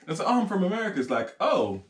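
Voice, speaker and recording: A man's voice: sits high, wildly swooping pitch, racing, slight background noise. A man co-hosting a podcast in a casual chat, rambling and laughing often as he acts out what people said. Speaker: podcast co-host. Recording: roomy echo.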